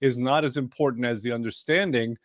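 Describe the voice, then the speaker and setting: Rich: A man hosting a wellness chat from a video call, his voice dry and close with no room around it. He speaks at an everyday middle pitch and teases while he persuades, joking between points. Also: a little fast, no room sound. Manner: playful, jokey and persuasive. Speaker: wellness program coach and host. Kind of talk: casual panel chat.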